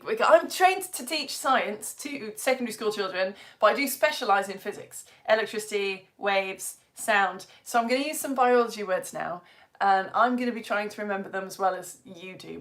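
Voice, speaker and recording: A woman with a Yorkshire accent, a science teacher giving a lively live lesson for children, chatty and quizzing her audience. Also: mid-range voice. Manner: chatty and energetic, asks the audience questions.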